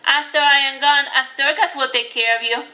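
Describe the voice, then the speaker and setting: A woman voicing a gentle, devoted elderly mother who speaks reassuringly. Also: high voice, steady tone, a little fast, dull audio.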